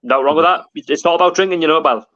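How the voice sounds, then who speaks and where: Guy hosting a live stream, bit high voice, dull lo-fi sound, reads out comments. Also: fast, sharp tone. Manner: chatty, reads out viewer comments. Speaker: livestream host. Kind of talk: casual live stream chat.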